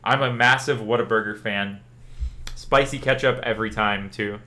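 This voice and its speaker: Here a young streamer from Louisiana talks at a moderate pace in a lowish voice. He's relaxed and chatty with his viewers, answering what chat asks while rambling along and saying "like" over and over.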